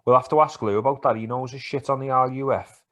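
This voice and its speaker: A man co-hosts a casual sports podcast. He talks in an animated, sweary way and teases his mate often, at a mid-range pitch. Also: quick pace. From England. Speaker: podcast co-host. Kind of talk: casual banter about football and MMA.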